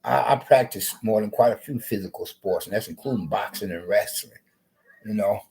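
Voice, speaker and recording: A man's voice: lowish voice, normal speed, vocal fry, darkish tone, poor audio. A man rambling through a solo social media broadcast, often repeating himself and restarting his sentences.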